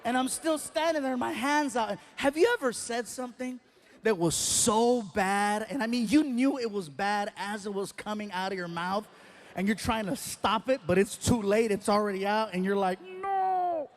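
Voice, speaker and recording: A man performing stand-up comedy, telling a story in a lively way and acting out the other people in it. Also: sits high, normal speed, slight background noise. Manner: animated, acts out the other people in his stories.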